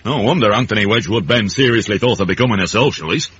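An actor playing a gruff, dry-witted older uncle in a radio comedy, with a blunt, deadpan way of talking. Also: male voice, fairly low pitch, fast. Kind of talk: 1980s radio comedy acting. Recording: dull, faintly hissy radio recording.

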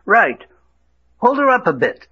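A proper gentleman. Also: high voice, sing-song, measured pace, slightly rough, exaggerated voice. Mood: clipped. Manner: clipped, polite upper-class phrasing. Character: clipped, proper English gentleman adventurer. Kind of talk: 1940s radio acting. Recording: muffled old radio recording.

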